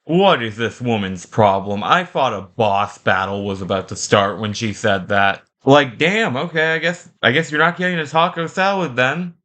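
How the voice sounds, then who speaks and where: A man's voice: medium pitch, moderate pace, hardly any pauses. Sarcastic young man telling crude stories. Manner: crude, sarcastic, deadpan asides. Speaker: comedy storyteller. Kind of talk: comic storytelling with acted customer voices.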